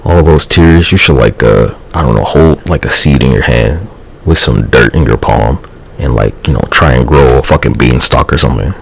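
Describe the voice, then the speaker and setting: A man with an extremely low voice holds forth on a live stream in a loose, rambling monologue. His words are heavy with profanity, and his voice has a gravelly rasp. A faint hiss of noise sits under the recording. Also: moderate pace, poor audio.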